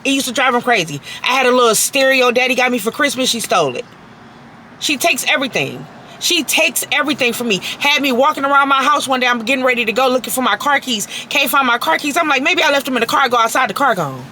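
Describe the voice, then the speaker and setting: Furious high-voiced woman venting to camera. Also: lively intonation, quick pace, sharp tone, slight background noise, low-quality recording. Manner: profane, emphatic, repeats herself for force. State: very angry. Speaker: vlogger. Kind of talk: angry personal rant to camera.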